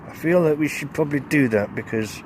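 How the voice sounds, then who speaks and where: A man's voice: a little high, animated, a little fast. A man chats casually to his camera from inside a tent. He rambles and chuckles between thoughts, and faint wind and traffic noise sit behind his voice. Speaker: wild camping vlogger.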